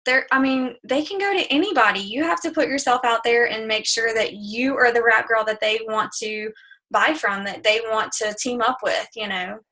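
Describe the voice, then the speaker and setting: A woman's voice: a little high, normal speed, bright, forceful tone. A woman hosting a team training call, encouraging and summing up the speaker's points.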